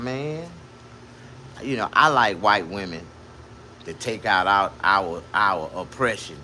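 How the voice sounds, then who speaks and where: Lively, bright-voiced male comedian. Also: slow, long pauses, slight background noise. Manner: profane, boastful storytelling; animated, with sudden jumps to a high voice. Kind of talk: crude comedic monologue.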